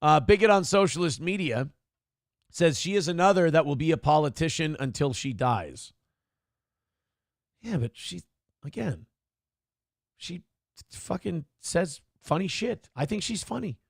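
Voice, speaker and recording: A male live-stream host talks casually and profanely, reading out viewer comments and riffing on them. His voice sits high and carries a gravelly fry, recorded close and dry. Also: animated, measured pace, pauses often, no echo. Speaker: talk show host.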